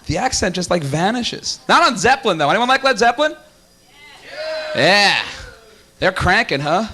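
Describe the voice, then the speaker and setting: A man's voice: sits high, very animated, moderate pace, pauses often, bright, forceful tone, slight background noise. A man hosting a comedy night in a small cafe, joking with the crowd before bringing up the next act. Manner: joking, playful crowd banter. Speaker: host and emcee. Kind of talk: emcee stand-up banter. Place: small cafe stage with a live audience.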